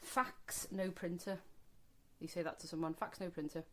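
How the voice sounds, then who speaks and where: A woman's voice: fairly low pitch, fairly even intonation, moderate pace, a crowd in the background. A middle-aged woman co-hosting a podcast in casual chat, telling stories with laughter and easy swearing. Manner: chatty, swears freely, laughs through stories. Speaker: podcast co-host.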